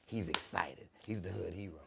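A young man holds the floor on a podcast with a funny tale from his past. His voice sits on the low side, and he keeps jumping into little impressions of the people in the story. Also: normal speed, vocal fry, very noisy. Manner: animated, slips into character voices. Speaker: podcast host. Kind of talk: comedic storytelling.

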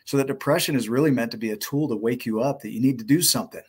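A man giving a calm, reflective motivational talk, repeating key phrases. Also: medium pitch, very fast, breathy edge. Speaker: motivational speaker and storyteller. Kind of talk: motivational talk with told story.

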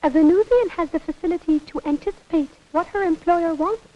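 A woman's voice: very high voice, fairly quick. An actress voicing a prim, precise female alien secretary in a 1960s cartoon, speaking in formal, exact phrases. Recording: dull old cartoon soundtrack with faint hiss.

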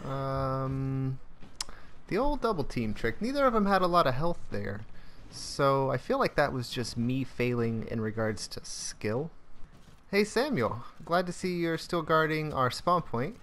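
A man's voice: on the high side, very animated, normal speed, fairly bright tone, a little hiss or hum. A young man hosting his own channel, giving playful, joking commentary over his gameplay and now and then singing a silly made-up song. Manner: joking, playful, sings improvised silly songs. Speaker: gaming channel host.

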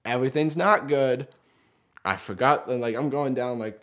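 A man's voice: medium pitch, normal speed. Man telling a funny mishap story. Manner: animated, self-mocking, acts out quoted lines. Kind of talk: casual storytelling.

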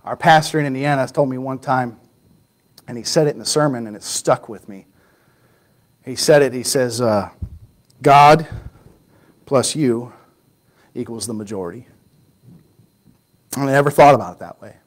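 A man preaching a Sunday sermon, telling a story with lively acted-out quotes and sudden drops to a hushed voice. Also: medium pitch, brisk, poor audio. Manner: animated storytelling, acting out quoted voices, drops to a near-whisper for emphasis.

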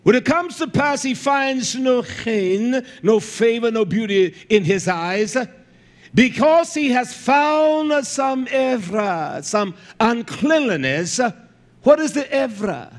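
A man preaching a fiery sermon, emphatic and blunt, often shouting and filling pauses with "uh". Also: very high-pitched, expressive. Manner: fills pauses with "uh" and repeated words.

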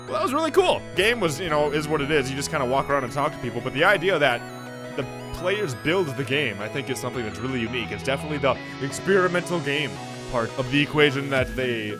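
A young man hosting a gaming video, animated, reacting aloud and joking in casual game commentary. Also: mid-range voice, quick pace. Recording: music playing underneath.

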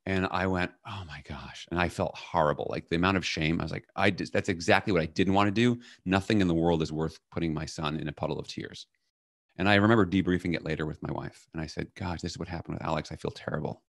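Animated deep-voiced man telling a story. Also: fast, gravelly, dry recording, studio quality. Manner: animated, acts out quoted commands loudly. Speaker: leadership coach, podcast guest. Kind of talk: storytelling in a podcast interview.

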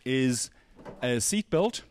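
A man's voice: mid-range voice, lively intonation, slow pace, a little mellow, smooth. A man hosting a motorsport show, chatting casually and joking as he gushes over a race car's details. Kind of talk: casual walkaround chat.

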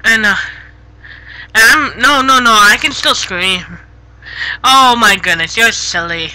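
Slow, bright giggly woman streamer. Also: fairly high pitch, poor audio. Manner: giggly, easily flustered, scolds chat gently. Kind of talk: casual live-stream chat, answering viewers. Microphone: gaming headset.

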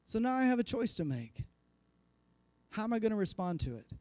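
A man in his forties preaches from the pulpit, with a voice that sits very high for a man. He tells a story from his own life in an animated way and pokes fun at himself. The sound is dry and close, with almost no room echo. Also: brisk. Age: 40s. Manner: animated, self-deprecating storytelling. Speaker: pastor. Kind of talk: sermon with personal story.

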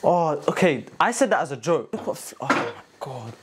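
A man's voice: a little high, big pitch swings, moderate pace. A young man, rambling and joking to himself while he cooks. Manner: jokey, rambling self-talk, flustered and stressed. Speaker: vlogger cooking for his family. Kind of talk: casual chatty vlog. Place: home kitchen. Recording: noisy kitchen recording.

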